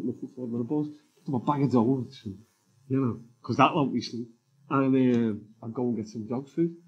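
A former police officer turned writer sits for a live interview before a summit audience, rambling through candid stories full of "you know"s. He speaks in a mid-range, dark, slightly rough voice, captured with lo-fi sound.

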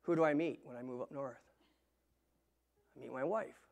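A gravelly, mid-range voice at normal speed belongs to a middle-aged man sharing his testimony as a guest preacher in a church sanctuary. Earnest throughout, he frequently trips over his words and begins again.

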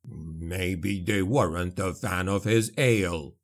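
A man voicing a gruff, angry male dwarf warrior who snarls his words slowly and low. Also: full character voice. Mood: growling.

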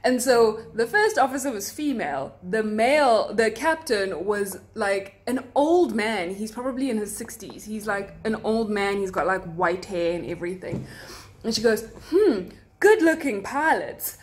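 A woman's voice: mid-range voice, normal speed. A young South African woman, a flight attendant, telling stories from her workday in a chatty, giggly way, full of likes and asides. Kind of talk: casual chat.

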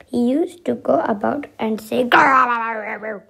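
Woman reading a kids story out loud, slow, gravelly fry, little silly asides. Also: on the high side, low-quality recording. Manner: unhurried, with playful asides and sound effects. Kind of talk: reading a children's story aloud.

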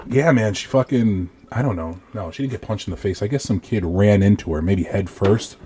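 A man in his thirties from Rhode Island, co-hosting a podcast and telling a profane, animated story in casual chat. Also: fairly low pitch, moderate pace, a little hiss or hum. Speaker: podcast co-host.

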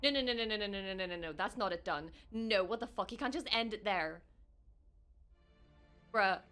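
A woman reacting to a show as she watches, excitable and swearing freely, with laughs and gasps. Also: medium pitch, moderate pace, soft background music. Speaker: reaction streamer. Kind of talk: live reaction commentary.

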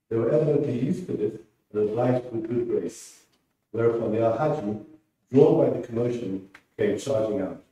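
Man, writer reading prose, measured, mellow voice, roomy hall, distant mic. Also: mid-range voice. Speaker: writer reading his work. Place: presentation room.

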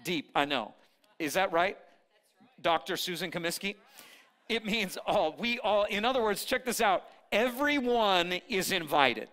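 A man preaching a sermon at a church service, energetic, calling on the congregation to repeat and shout after him, with playful teasing asides. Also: sits high, unhurried. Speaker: pastor.

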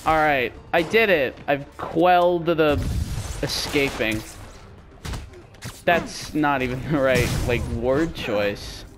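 A man's voice: fairly high pitch, slow, music in the background. A young man casually commentating his own gameplay, rambling and self-mocking with sudden goofy yelps. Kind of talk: casual let's-play commentary.

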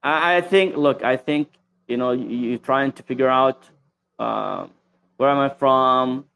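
Brief: male caller, Arabic native speaking English, evasive and hesitant, gravelly voice. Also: medium pitch, measured pace, fairly bright tone. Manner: evasive, hesitant, full of fillers. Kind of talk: hesitant call-in talk.

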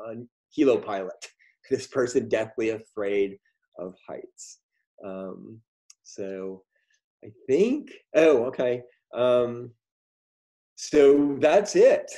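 A middle-aged man telling a story on a video call, halting, with many ums and restarts. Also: medium pitch, dark tone. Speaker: guest speaker. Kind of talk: storytelling talk in a virtual meeting.

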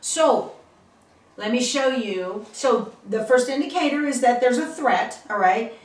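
A woman's voice: on the high side, lively intonation, measured pace, distant mic. A middle-aged woman hosting a casual tutorial, chatty and emphatic, often checking in with her viewers. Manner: chatty, emphatic, checks in with "okay?" and "all right?". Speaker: channel host teaching online safety. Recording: roomy, from the mic.

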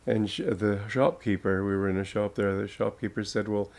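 A man's voice: fairly low pitch, steady tone, darkish tone. An older American man, a spiritual teacher, giving an informal talk to an audience, telling stories and laughing often as he goes. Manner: slow, chuckling storyteller.

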